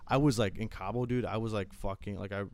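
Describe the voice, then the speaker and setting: A man's voice: on the low side, steady tone, quick pace, darkish tone, slight background noise. A young man telling stories in casual chat, rambling, swearing a lot and filling his talk with fillers. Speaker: storyteller.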